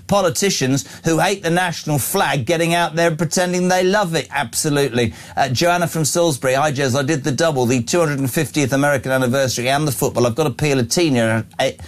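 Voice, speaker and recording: A man hosting a live breakfast radio show, joking and reading out listener messages. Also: fairly high pitch. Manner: jokey, brisk, reads out listener messages.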